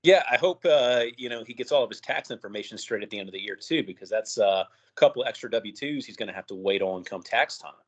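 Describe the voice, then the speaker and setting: A man's voice: lowish voice, expressive, fast, few pauses, dull audio. A man co-hosting a wrestling podcast, talking casually and hesitantly, restarting phrases with um and you know. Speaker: podcast co-host.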